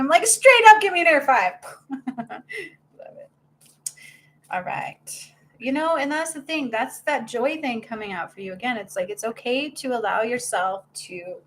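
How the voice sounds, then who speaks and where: A middle-aged woman giving a live-stream spiritual reading, bubbly and excitable, laughing often as she talks. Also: fairly high pitch, moderate pace. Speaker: spiritual medium and healer.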